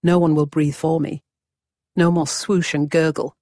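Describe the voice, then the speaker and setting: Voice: mid-range voice, level tone, a little slow, a little mellow, no room sound. Wry storyteller, dry sound. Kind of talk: scripted first-person narration.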